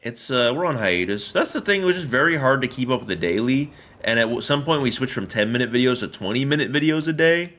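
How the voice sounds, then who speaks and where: A man's voice: medium pitch, lively intonation, fast, few pauses, fairly bright tone. A man streaming a video game, rambling through casual commentary full of jokes and swearing. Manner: joking, profane, rambling.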